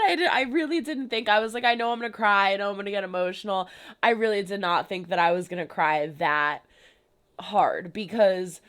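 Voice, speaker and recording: A young woman hosting a reaction channel, gushing in casual commentary and peppering her talk with fillers. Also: medium pitch. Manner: gushing, effusive, frequent "like" fillers.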